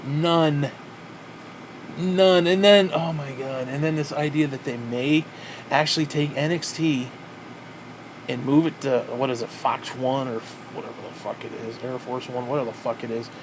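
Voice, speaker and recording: A man's voice: medium pitch, fairly even intonation, moderate pace, slight background noise. A man ranting in a wrestling review, profane and exasperated, with frequent sighs.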